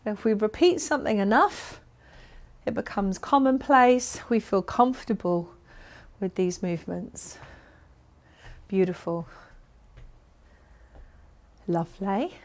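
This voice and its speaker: A woman's voice: medium pitch, slow pace, pauses often. A woman leading a fitness class, giving upbeat, encouraging and playful instructions. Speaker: exercise instructor.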